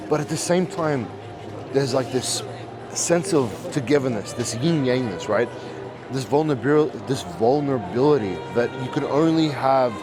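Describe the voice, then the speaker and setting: Walking through a busy art festival hall, a male vlog host with a mid-range voice talks enthusiastically and directly to his viewers in a casual walk-around vlog. Crowd chatter and noise fill the background.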